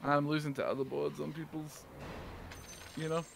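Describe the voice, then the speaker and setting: Gravelly man over a noisy mic. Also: fairly high pitch, little pitch movement, moderate pace. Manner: joking, complaining about the game. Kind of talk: casual gaming chat.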